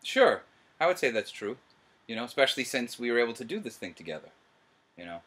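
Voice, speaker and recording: A middle-aged man hosting a casual commentary chat, excitable and quick to laugh. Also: mid-range voice. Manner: animated, laughs often, excitable. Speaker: host.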